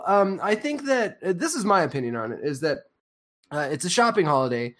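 A man hosting a loose podcast chat, his voice sitting a little higher than most men's. He rambles through fillers and restarts with a sarcastic, profane edge. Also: sing-song, brisk, fairly bright tone. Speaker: podcast co-host.

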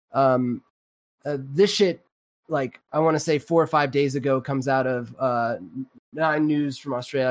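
A male podcast host talks loosely and casually, his sentences full of fillers, restarts and swearing. His voice sits a bit high for a man. The sound is dry and close, with no room echo. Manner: rambling, swears freely, many fillers and restarts. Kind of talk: casual live-show chat.

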